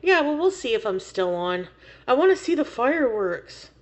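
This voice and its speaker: A woman's voice: a little high, big pitch swings, normal speed. A woman livestreamer chatting casually with viewers, laughing often and swearing freely.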